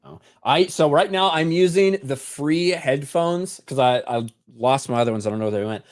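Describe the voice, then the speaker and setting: A man's voice: a little high, normal speed. A man hosting a casual live stream. He swears freely and jokes around as he introduces each guest. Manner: loose, profane, joking introductions. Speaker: host. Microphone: headset.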